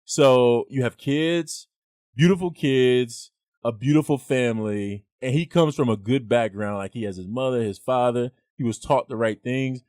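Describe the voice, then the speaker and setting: A young man hosts a casual podcast and argues his side in a laid-back but animated way. He leans on slang and stacks up rhetorical questions to press his point. His voice sits mid-range, close and dry on the mic. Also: mid-range voice, normal speed, no echo. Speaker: podcast host.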